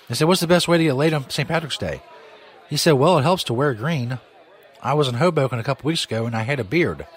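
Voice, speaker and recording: A man hosting a live radio show from a pub in a casual, joking way, laughing at his own jokes. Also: mid-range voice. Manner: laid-back, joking, laughs at own bits. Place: pub during a live broadcast. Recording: crowd and music behind. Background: rowdy crowd and music.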